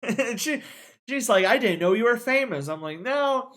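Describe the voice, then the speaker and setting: A man's voice: high voice, expressive, normal speed, a bit bright. A young man co-hosting a casual podcast, often laughing and quoting what people told him. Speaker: podcast co-host. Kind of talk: casual chat.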